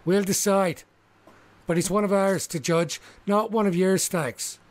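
A man's voice: high voice, fairly even intonation, a little slow, pitched above the performer's own voice. A man doing a fierce, cursing halfling woman. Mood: threatening. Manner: snarling, profane. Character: fierce halfling dockworker woman, about thirty.

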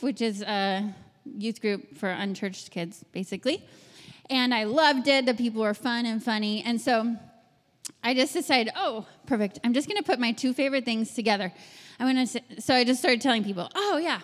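A woman in her thirties giving a lively personal testimony to a group, acting out quoted lines and laughing often. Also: a little high, big-room sound. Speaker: speaker sharing her testimony.

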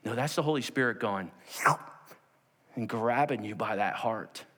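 A man's voice: medium pitch, moderate pace. A man preaching a sermon in a church, telling a personal story and acting out the voices of the people in it, often checking in with "okay?". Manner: animated, acts out quoted voices, repeats "okay?". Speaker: pastor. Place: church sanctuary. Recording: long hall reverb.

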